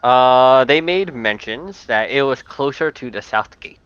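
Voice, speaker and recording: A man in the dungeon master's seat with a bright, crisp voice that halts and restarts as he narrates. The recording is dry and a little dull. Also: medium pitch, expressive, no room sound. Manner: loose, halting narration with fillers. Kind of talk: narrating a tabletop game online.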